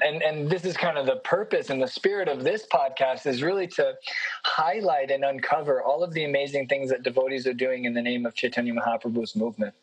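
Husky guy hosting a podcast, kinda halting and earnest. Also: medium pitch, no echo, rough recording. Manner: earnest, halting, lots of fillers and restarts. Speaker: podcast host. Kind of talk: casual podcast chat.

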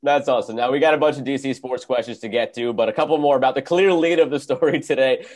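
A man's voice: mid-range voice, fast talker, darkish tone, slight background noise. A man hosting a sports radio show, asking his guest questions in an upbeat, conversational way. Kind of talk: casual interview questions.

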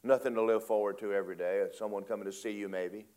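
A man preaching a storytelling sermon, animated, acting out voices and laughing often. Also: on the low side, fast.

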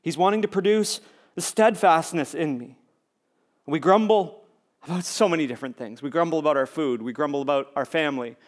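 A man preaching a sermon as a pastor, talking conversationally, building to emphatic repeated lines and dropping to hushed near-whispers. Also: fairly high pitch, brisk.

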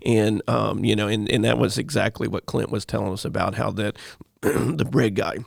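A man's voice: on the low side, steady tone, normal speed, vocal fry, no echo, studio quality. A man co-hosting a casual church talk show, rambling with many fillers. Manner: rambling, full of "you know" fillers. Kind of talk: casual chat.

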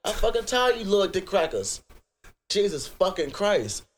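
High-voiced profane American man ranting. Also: normal speed, a crowd in the background. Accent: US Southern, Virginia. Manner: profane, animated storytelling with outbursts. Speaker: podcast co-host. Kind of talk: crude comedic podcast rant.

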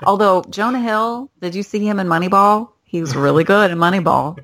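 A woman's voice: mid-range voice, a little fast, a bit bright. A woman co-hosting a podcast in casual film chat, effusive and emotional as she retells scenes, with many fillers. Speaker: podcast co-host.

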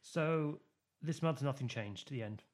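A man's voice: medium pitch, unhurried. A man co-hosting a podcast, explaining voting and polls in a casual, rambling way with many fillers and restarts. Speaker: podcast co-host. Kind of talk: casual political chat.

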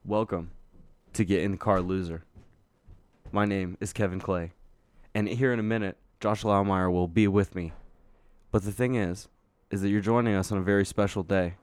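Man, podcast co-host, low-pitched, rambling casual chat, fillers, very dry recording. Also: fairly even intonation, normal speed, a little mellow, clear, resonant tone, dry recording. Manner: laid-back, rambling with fillers and restarts.

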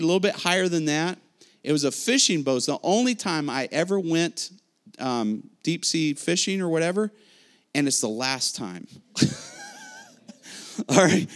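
Lively storytelling male preacher. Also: fairly high pitch. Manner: lively storytelling, acts out reactions and quotes. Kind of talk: sermon.

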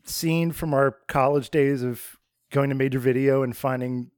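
A man's voice: mid-range voice, fairly even intonation, normal speed, a little mellow, clear, resonant tone, no room sound. A young adult man co-hosting a podcast, chatting casually and rambling with lots of "like". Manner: rambling, heavy use of "like". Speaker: podcast co-host. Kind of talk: casual chat.

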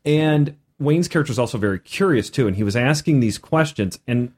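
A man hosting a casual podcast as a game master, animated, with many restarts. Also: mid-range voice, fairly quick, slightly rough.

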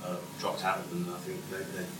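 Male host, lower voice, eager, stage Q&A, far-off mic. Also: monotone, fast. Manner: enthusiastic fan, many fillers and restarts. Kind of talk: stage interview. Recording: echoey hall, distant mic, audible noise.

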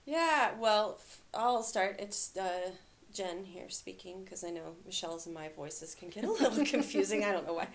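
A woman's voice: mid-range voice, expressive, normal speed, crowd noise. A woman co-hosting a podcast, talking at length in a rambling way with many fillers and frequent laughs. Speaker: podcast co-host. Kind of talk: casual podcast chat.

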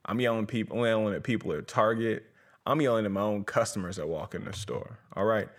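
Fairly low-pitched and fairly quick, this young podcast host promotes comedy by rambling through profane, joking plugs for his shows, all in a loose, comedic rant.

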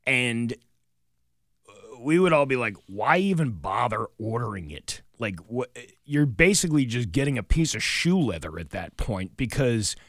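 Lively rambling radio host man. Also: medium pitch, no room sound, studio quality. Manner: rambling, quick to put on silly voices. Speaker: radio morning show host. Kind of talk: casual chat.

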